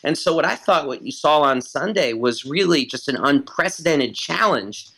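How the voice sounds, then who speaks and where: A man's voice: fairly high pitch, expressive, normal speed, creaky, a bit bright, husky, poor audio. A man speaking as a guest commentator in an interview, making his case emphatically and repeating phrases for stress. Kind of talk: analytical interview talk.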